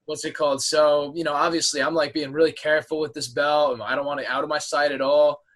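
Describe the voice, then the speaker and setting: A man's voice: on the high side, fast talker, poor audio. A young man from New Jersey, a wrestler, telling a story casually with lots of "like.". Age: young adult. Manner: lots of "like" fillers, animated retelling. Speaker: wrestler guest. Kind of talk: casual chat.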